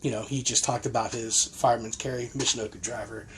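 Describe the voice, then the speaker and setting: A man's voice: mid-range voice, steady tone, quick pace, a bit bright, slight background noise. A man who once wrestled, a guest on a friend's podcast, talking casually and chiming in with short agreements. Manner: easygoing, chimes in with short agreements. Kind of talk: casual chat.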